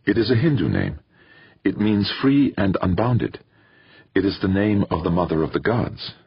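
A man's voice: low voice, big pitch swings, normal speed, slightly rough, dry recording, highs cut off, voice pushed up, full character voice. A man voicing a shy, polite teenage Indian girl with a lilting Indian accent in an audiobook. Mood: amused.

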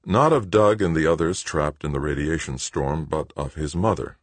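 A man narrating an audiobook in a steady, even storytelling manner. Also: extremely low pitch, moderate pace, no echo. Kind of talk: scripted narration.

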